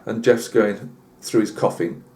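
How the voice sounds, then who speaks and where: A man's voice: on the low side, unhurried, darkish tone. A British man telling a rambling comic tall tale on his channel, full of asides and fillers. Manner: chatty, lots of asides and fillers. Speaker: channel host.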